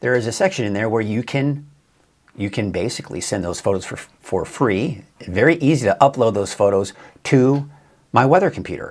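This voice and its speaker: Chatty, low-voiced male weather forecaster. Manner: chatty and upbeat, with frequent fillers and restarts. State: tired. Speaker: TV meteorologist. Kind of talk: casual live weather forecast.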